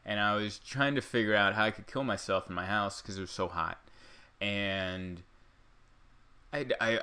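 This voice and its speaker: A man's voice: lowish voice, pushed and bright, clear, resonant tone. A man hosting a podcast from his living room, delivering a rambling, sarcastic, self-deprecating comedic monologue. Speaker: podcast host.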